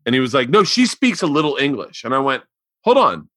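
Loud, animated male storyteller. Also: medium pitch, fast talker, dry recording, clean studio sound. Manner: animated storyteller, loud outbursts, swears a lot. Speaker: podcast host. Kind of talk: casual chat.

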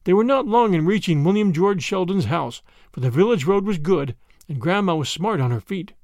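A man narrating a classic short story as a podcast host, in an expressive storytelling way. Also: high-pitched, moderate pace, no echo.

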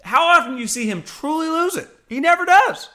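A man co-hosting a podcast, telling casual stories in an animated way with plenty of swearing. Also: very high voice, brisk. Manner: animated storytelling with profanity. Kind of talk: casual chat.

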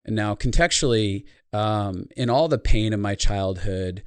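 A man's voice: fairly low pitch, a little slow, clean tone, dry recording. A man speaking as a guest on a podcast, telling a reflective personal story in an earnest tone. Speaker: podcast guest, life consultant. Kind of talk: podcast interview conversation.

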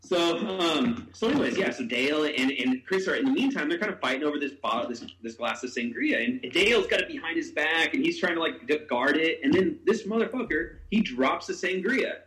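Animated storytelling man in an echoey room. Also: brisk, hardly any pauses, noisy background. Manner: animated, acts out quotes with big pitch jumps, swears, laughs. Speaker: podcast host. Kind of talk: casual storytelling chat.

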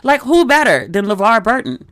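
A woman's voice: a little high, big pitch swings, moderate pace, no room sound, clean studio sound. A woman in her forties hosting a solo podcast, telling stories in a candid, chatty way full of asides. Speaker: podcast host. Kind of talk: casual solo podcast chat.

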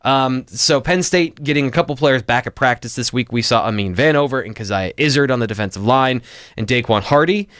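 A man's voice: medium pitch, animated, fairly quick, fairly bright tone, smooth, no room sound, clean studio sound. A man co-hosting a sports talk show, breaking down football tactics in casual chat with frequent restarts. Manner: analytical, frequent restarts and fillers. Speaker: football analyst co-host.

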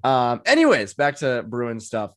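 A man with a Boston accent hosting a casual sports podcast, animated and chatty, his voice jumping up when he gets excited, with frequent ums and restarts. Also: mid-range voice, measured pace. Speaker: podcast host.

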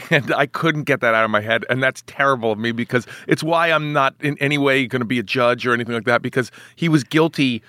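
A man's voice: medium pitch, quick pace, few pauses, bright, forceful tone, no echo. A man in his forties, an actor guest chatting in a casual podcast interview, rambling and self-mocking with many restarts. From United States.

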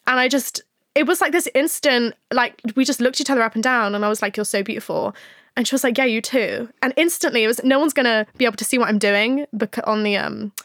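Woman podcast host, bright high voice, candid and sweary, dry close sound. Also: fast talker, dry recording. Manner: frank, swears freely, laughs often. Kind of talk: candid casual chat.

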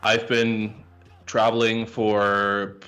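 A man's voice: on the low side, completely flat delivery, drawn-out words, a bit bright. A man in his twenties, a podcast guest, talking in a laid-back way with many fillers. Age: 20s. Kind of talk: casual interview.

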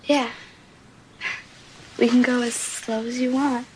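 A teasing seductress. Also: female voice, little pitch movement, takes it slowly, darkish tone, a little hiss or hum. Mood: seductive. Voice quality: teasing, low-key seductive. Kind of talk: film dialogue.

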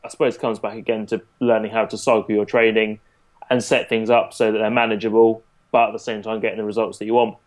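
A man working as a fitness coach, explaining his approach in a relaxed podcast chat with frequent fillers. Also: fairly low pitch, fast talker.

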